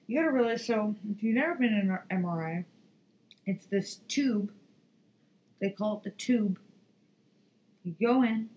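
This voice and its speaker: A tired woman hosting a podcast, telling a story in a profane, rambling, animated way. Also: mid-range voice, a little hiss or hum, low-quality recording. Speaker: podcast host. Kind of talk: casual solo podcast monologue.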